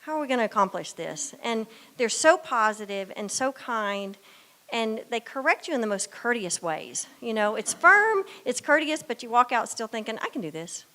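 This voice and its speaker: An older woman who has just graduated with a new guide dog, giving an emotional, halting speech and fighting back tears. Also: fairly high pitch, big pitch swings, bright, forceful tone.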